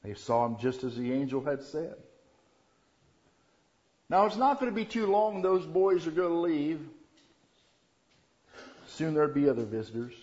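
A man preaching a Christmas sermon, shifting from quiet reverence to loud, animated storytelling. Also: on the high side, a little slow, pauses often. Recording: dull lo-fi sound.

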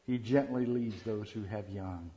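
A man preaching a Christmas sermon, shifting from quiet reverence to loud, animated storytelling. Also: fairly low pitch, unhurried. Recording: dull lo-fi sound.

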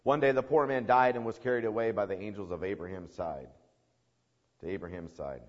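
A man's voice: lowish voice, brisk. Earnest male preacher, emphatic delivery, dull lo-fi sound. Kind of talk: sermon. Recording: dull recording with long hall reverb.

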